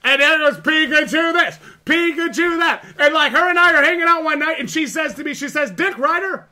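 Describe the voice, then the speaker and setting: A man's voice: very high-pitched, brisk, bright, forceful tone, exaggerated voice. A man playing an arrogant, boastful persona on a live stream who brags about himself in the third person. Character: cocky boastful male persona, arrogant showman. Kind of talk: comedic live stream character bit.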